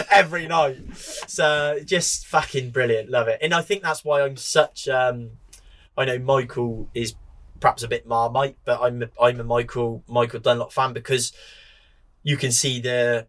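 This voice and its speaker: A man's voice: mid-range voice, fairly even intonation, moderate pace, a bit bright. A man who races motorbikes, chatting as a podcast guest, telling rambling stories and swearing freely. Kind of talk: casual chat.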